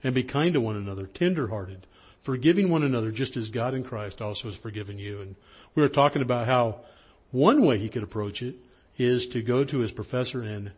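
Middle aged pastor guy, kinda husky, just chatting thru a story sermon, does little voices for people. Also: brisk, darkish tone. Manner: conversational storytelling, acts out dialogue with rising pitch.

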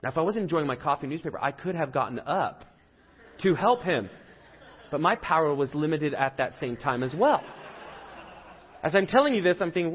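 A man's voice: a little high, lively intonation, a little fast, pauses often, breathy edge. A man in his thirties preaching a sermon as a pastor, telling a story in an earnest, conversational way with rising emphasis. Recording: dull lo-fi audio with long hall reverb.

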